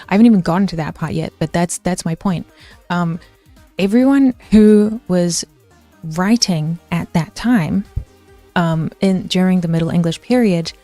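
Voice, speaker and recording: Woman streamer, casual ranting lecturer, mellow tone, dry close sound, swears, chats with viewers. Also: on the low side, no echo. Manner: chatty, swears, answers chat mid-sentence. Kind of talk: casual chat, ranting history lesson.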